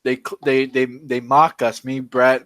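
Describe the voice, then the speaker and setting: A man's voice: medium pitch, level tone, a little slow, fairly bright tone, dry recording. A man in profane casual chat on a stream, telling crude, heated stories and laughing through his rants.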